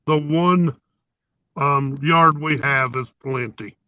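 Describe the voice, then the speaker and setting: A man's voice: fairly high pitch, takes it slowly, sharp tone, no room sound. A man co-hosting a livestream, chatting casually with dry jokes. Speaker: co-host of a livestream. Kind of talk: casual group chat. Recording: dull lo-fi stream audio with faint hiss.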